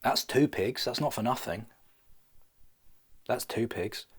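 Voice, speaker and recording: A man's voice: medium pitch, slow, breathy edge. A young man making a comedy vlog who rambles in a playful, self-mocking way. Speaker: vlogger.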